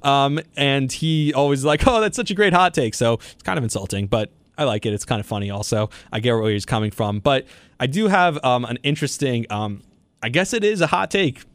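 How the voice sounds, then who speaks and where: A young man hosts a sports podcast alone. His voice sits at a middle pitch, and he sounds opinionated, rambling through long thoughts with the odd "um" and "uh". The mic is close and dry, with no room sound. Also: expressive, a little fast, no room sound. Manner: opinionated, talks in long run-on thoughts with fillers. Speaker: podcast host. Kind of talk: solo sports podcast commentary.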